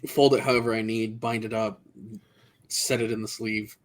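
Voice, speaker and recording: A man's voice: lowish voice, little pitch movement, moderate pace. A man playing his character in a tabletop game, speaking in character with many fillers and restarts. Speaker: player.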